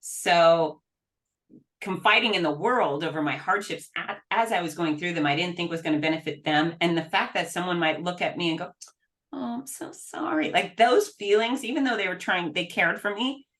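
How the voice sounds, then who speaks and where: A middle-aged woman speaking as an interview guest, earnest and emphatic with frequent quick restarts. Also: on the low side, a bit bright. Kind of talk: candid interview talk.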